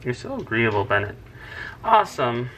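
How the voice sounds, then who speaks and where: A man's voice: mid-range voice, big pitch swings, normal speed, sharp tone. A man hosting a casual drawing tutorial, chatty and teasing as he narrates each stroke. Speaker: host, drawing teacher.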